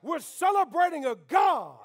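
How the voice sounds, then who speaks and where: High-voiced preacher, shouting and hushing. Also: male voice, big pitch swings, moderate pace. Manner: preaching with call-and-response, swings between shouting and quiet. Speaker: pastor. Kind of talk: sermon. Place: church sanctuary.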